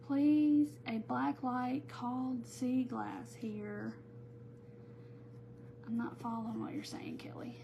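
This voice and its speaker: A woman's voice: on the high side, steady tone, takes it slowly, gravelly, mellow, slight background noise. A woman hosting a live crafting tutorial, chatting casually and greeting viewers by name as she works. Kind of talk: live-stream crafting chat.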